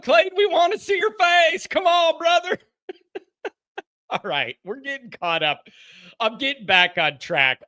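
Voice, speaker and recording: A man hosting a live sports call-in show in casual chat, animated and laughing often. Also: high voice.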